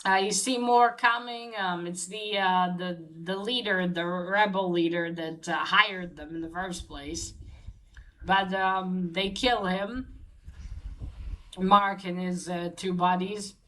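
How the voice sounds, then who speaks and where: Slow, halting woman recapping a story. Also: lowish voice, steady tone, a bit bright, low-quality recording. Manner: halting, many fillers and restarts. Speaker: comic book reviewer. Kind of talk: casual plot recap.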